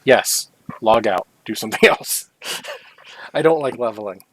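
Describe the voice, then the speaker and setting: A man's voice: fairly low pitch, lively intonation, normal speed, no echo, rough recording. Casual rambling male podcast host. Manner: rambling, self-correcting, jokey asides. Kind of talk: casual gaming podcast chat.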